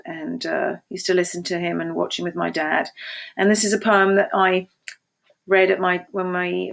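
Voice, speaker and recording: A woman's voice: lowish voice, creaky. A woman casually introducing a poem she is about to read, in a chatty, informal way with small restarts. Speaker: poetry reader. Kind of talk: casual intro to a poetry reading.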